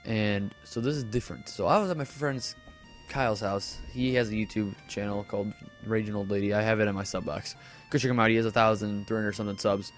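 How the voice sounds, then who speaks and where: A man's voice: lowish voice, fairly even intonation, brisk, soft background music. A teenage boy casually telling a rambling story over gameplay commentary, full of fillers and self-corrections. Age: teens. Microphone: desk microphone.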